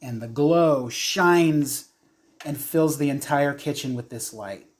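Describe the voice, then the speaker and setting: A male game master narrating a horror tabletop session at a slow, even pace. He lingers over descriptions, with plenty of "um" and "like" as he sets the scene. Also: on the high side. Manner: descriptive, unhurried storytelling with fillers.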